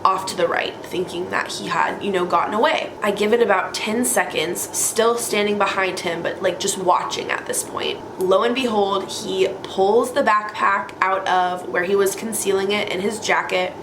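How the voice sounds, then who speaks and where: A young woman casually telling a story to camera, chatty and animated, leaning on "like" a lot. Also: medium pitch, moderate pace, hardly any pauses, noisy background. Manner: animated, chatty, heavy use of "like". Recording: echoey room.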